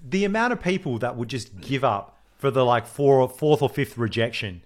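A man tells a story on a podcast, his pitch jumping high when he gets excited. He swears freely and acts out the voices of the people in his story. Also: moderate pace. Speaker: podcast co-host. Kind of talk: casual storytelling chat.

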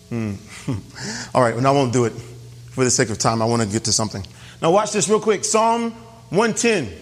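Husky-voiced man preaching in a reverberant church. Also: high-pitched. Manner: emphatic, keeps asking the congregation questions. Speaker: pastor. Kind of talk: sermon.

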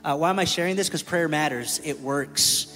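A man's voice: fairly high pitch, moderate pace, pushed and bright. A man giving a candid, storytelling testimony from a church stage, joking with the room. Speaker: church staff speaker. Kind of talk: testimony sermon. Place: church sanctuary. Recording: reverberant hall with music.

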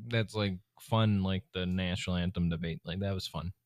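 A man's voice: low-pitched, steady tone, normal speed, no room sound, clean studio sound. A young man hosting a podcast, swearing and joking in loose, casual banter. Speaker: podcast host. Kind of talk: casual chat.

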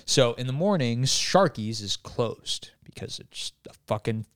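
A man telling a story in a casual podcast chat, profane and animated, acting out the people he quotes. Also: medium pitch, unhurried, a crowd in the background. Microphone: handheld mic.

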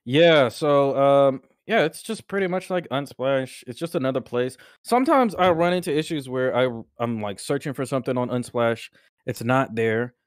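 A man's voice: medium pitch, normal speed, no room sound, studio quality. A man co-hosting a casual podcast, talking loosely and swearing, often laughing hard. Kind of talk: casual chat.

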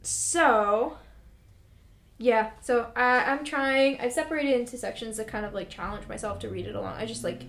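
A woman's voice: fairly high pitch, normal speed, gravelly, fairly bright tone, roomy sound, slight background noise. A young woman co-hosting a podcast, chatting casually and sarcastically with many fillers. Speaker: podcast co-host.

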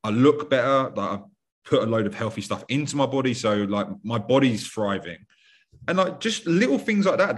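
A young British man talking casually on a podcast, rambling and blunt, with lots of fillers and swearing. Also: medium pitch. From United Kingdom.

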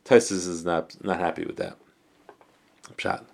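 A man with a very low voice leads a Talmud class. He reads each phrase of the text aloud and then translates it, often restarting and correcting himself as he goes. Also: fairly even intonation, measured pace, vocal fry, a little mellow. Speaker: Talmud teacher.

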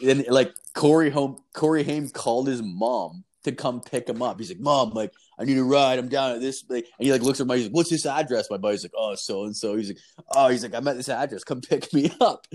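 A man's voice: mid-range voice, a little mellow. A young man from Canada telling rambling stories in casual chat, full of swearing and fillers.

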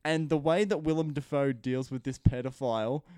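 A man's voice: mid-range voice, steady tone, moderate pace, warm tone, smooth, no room sound, studio quality. A man talking about a film in a casual chat, enthusiastic and rambling, peppering his talk with "like" and swearing. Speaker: film reviewer.

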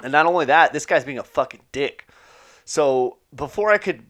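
A man's voice: on the high side, expressive, normal speed, fairly bright tone. A man telling a personal story in a casual, profane way, with fillers and laughter.

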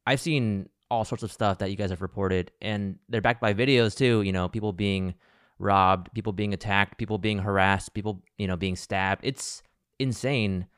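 An American man hosting a casual interview, soft-spoken and sympathetic. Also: on the low side, moderate pace, clean tone, no room sound, studio quality. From United States. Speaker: interview host.

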